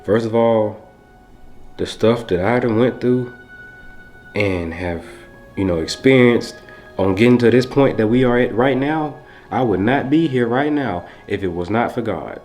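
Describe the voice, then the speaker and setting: A man's voice: medium pitch, unhurried, darkish tone, faint music behind. A young man vlogging to camera in a heartfelt, rambling way, speaking. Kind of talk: casual talk to camera.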